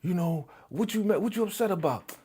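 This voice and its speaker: A heartbroken young boxer sulks and whines about his lost love, as a man puts him on. The voice rides noticeably higher than usual. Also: expressive, fairly quick, dark tone, breathy edge. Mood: whining. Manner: whiny, moping.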